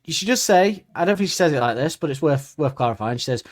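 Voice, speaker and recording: A man's voice: on the high side, animated, fast, no room sound, studio quality. A man co-hosting a podcast, joking crudely and laughing often in casual chat. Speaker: podcast co-host.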